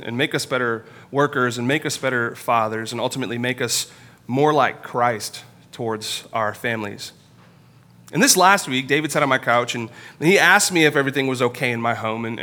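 A man in his thirties, a pastor, preaching a sermon in a church in an earnest, confessional storytelling manner with pauses. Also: mid-range voice, sharp tone.

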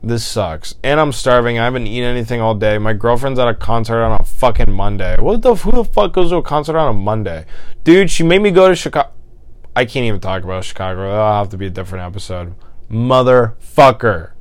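A frustrated young man vents in a casual solo podcast, swearing often. His voice is smooth and clean, recorded dry with no room around it. He lurches from loud exasperation to low, defeated muttering. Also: expressive, brisk, no room sound. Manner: exasperated, profane, swinging between loud outbursts and low mutters. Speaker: podcast host. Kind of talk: casual ranting monologue.

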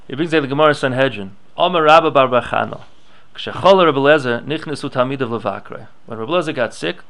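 A man's voice: medium pitch, vocal fry, fairly bright tone. A man giving a Torah class, reading Hebrew and Aramaic passages aloud and explaining them in English, thinking aloud with restarts. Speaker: Torah teacher.

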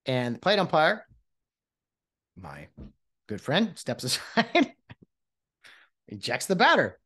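Animated ranting man in his late 30s. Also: on the high side, slow, pauses often, husky. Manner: animated, exasperated ranting with frequent restarts. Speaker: podcast host and former umpire. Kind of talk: solo podcast monologue.

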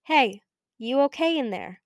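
A woman reading an audiobook, voicing a friendly, amused bearded man offering help on a dark road. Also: high voice, expressive, measured pace, no echo, clean studio sound. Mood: easygoing. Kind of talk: audiobook character voice.

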